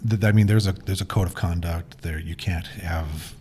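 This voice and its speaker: Low-voiced man explaining things matter-of-factly. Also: steady tone, moderate pace, dark tone, a little hiss or hum. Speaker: podcast guest. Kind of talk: casual chat.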